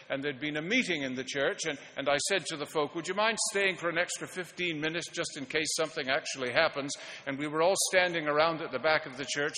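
A man's voice: on the high side, a bit bright. A male pastor delivering a sermon, telling wry anecdotes in a storytelling manner. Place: large church sanctuary. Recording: long church reverb.

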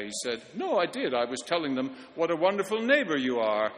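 A pastor giving a storytelling sermon, earnest and now and then stumbling on repeated words. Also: male voice, fairly high pitch, big pitch swings, a little fast, hardly any pauses, a bit bright, long reverb tail. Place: church.

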